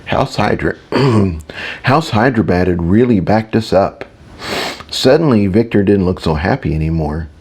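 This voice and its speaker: Low-voiced male audiobook narrator. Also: expressive, moderate pace, darkish tone, husky. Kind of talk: first-person audiobook narration.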